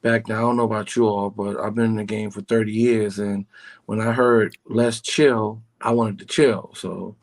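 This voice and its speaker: Calm smooth-talking New York man. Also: on the low side, moderate pace, rough recording. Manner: calm, smooth, laid-back. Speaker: guest singer and producer. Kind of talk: casual radio interview. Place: his home.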